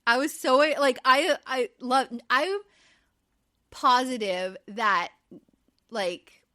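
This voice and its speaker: Bright chatty woman recapping. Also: high-pitched, slow, dry recording, clean studio sound. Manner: chatty, animated, many fillers. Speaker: podcast host. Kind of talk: casual recap chat.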